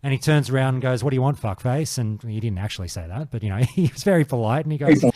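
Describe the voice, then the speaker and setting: A man's voice: mid-range voice, lively intonation, quick pace, dark tone, dry recording, studio quality. A man hosting a casual gaming podcast panel, swearing freely and telling stories with animation. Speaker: podcast host.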